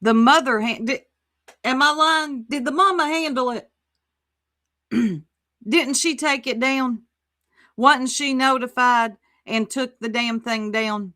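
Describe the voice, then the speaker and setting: Woman livestream host, sassy and exclamatory, unhurried commentary, reacts to chat. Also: a little high, sharp tone.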